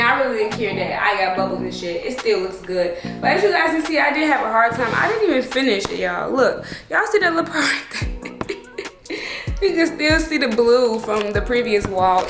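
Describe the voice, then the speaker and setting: A young woman giving a casual, profane tour of her open loft-style salon suite, calling her viewers y'all. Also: on the high side. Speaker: salon owner vlogger. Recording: echoey room with music playing.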